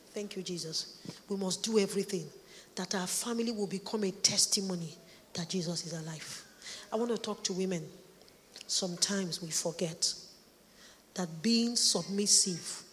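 A woman's voice: mid-range voice, a little hiss or hum. A woman preaching a sermon, emphatic, repeating her points for stress. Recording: echoey hall, long reverb.

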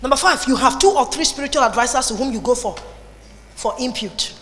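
Nigerian woman pastor preaching, high voice, big echoey hall, animated and chatty. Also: fairly quick, soft background music. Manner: animated, mixes in Pidgin and Igbo phrases. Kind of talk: sermon. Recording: long reverb in a hall.

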